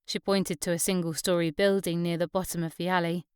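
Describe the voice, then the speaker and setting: A woman reading an audiobook in scripted narration, steady and even. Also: lowish voice, brisk, hardly any pauses, clean tone, dry recording, clean studio sound.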